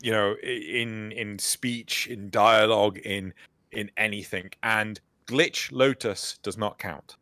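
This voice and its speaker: A man co-hosting a casual podcast chat, telling stories with lively energy and acting out quotes. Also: lowish voice, slow pace, dry recording, clean studio sound. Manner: animated storyteller, acts out quotes. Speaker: podcast co-host.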